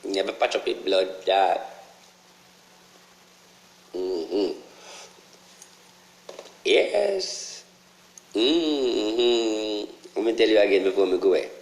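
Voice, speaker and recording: A man with a Jamaican accent delivering a casual, preachy monologue, profane and repetitive, his voice jumping high whenever he drives a point home. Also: animated, extremely slow, pauses often, echoey room, poor audio. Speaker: online ranter.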